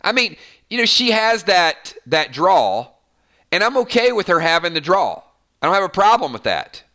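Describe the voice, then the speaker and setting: At a normal speed and in a high voice, a Georgia man with a light Southern drawl hosts a rambling, casual fan chat for his channel. He's animated and keeps repeating himself.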